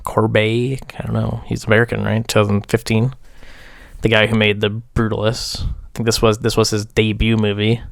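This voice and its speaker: A man's voice: on the low side, monotone, moderate pace, creaky, no echo, clean studio sound. A young man casually reviewing films as host, rambling with fillers in a wry, dismissive way. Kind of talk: casual film review chat.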